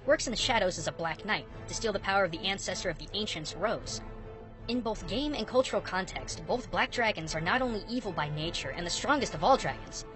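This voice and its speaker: A woman narrating a scripted video at a quick clip, her pitch leaping around in a lively, playful way. Background music runs beneath her voice-over. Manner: upbeat, bouncy, playful. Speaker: video host.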